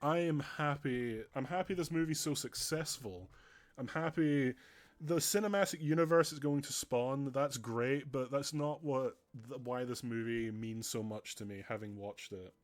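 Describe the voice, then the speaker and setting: A man's voice: medium pitch, normal speed. A man chatting earnestly on a stream, rambling with frequent restarts.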